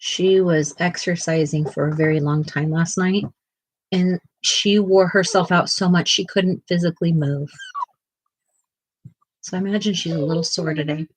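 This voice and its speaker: A woman's voice: fairly low pitch, fairly even intonation, normal speed, rough recording. A woman co-hosting a casual art livestream, chatting in a self-deprecating way and laughing often, and now and then cooing to her pet. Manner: cooing baby talk to a pet.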